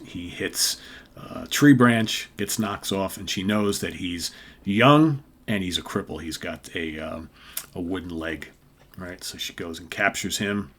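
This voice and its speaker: A middle-aged man with a fairly low voice hosts a relaxed comic book review. He talks in a loose, chatty way, often ending a remark with "right?", and reads captions aloud plainly. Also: a little hiss or hum. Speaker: host.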